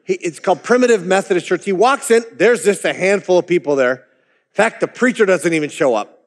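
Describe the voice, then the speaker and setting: A man's voice: high voice, lively intonation, brisk, long reverb tail. A man preaching a sermon as pastor, in a conversational way, with chuckling asides.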